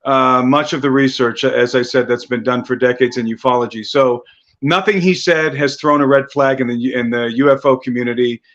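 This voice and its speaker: A man speaking as an interview guest, explaining at length in an earnest, steady way with some restarts. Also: medium pitch, lo-fi sound. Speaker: guest researcher. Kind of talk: interview answers.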